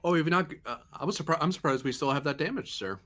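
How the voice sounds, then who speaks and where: A man's voice: fairly high pitch, fast, fairly bright tone. Joking man playing a first officer. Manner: casual, joking with hesitations. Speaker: tabletop game player as first officer. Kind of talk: tabletop role-play in character.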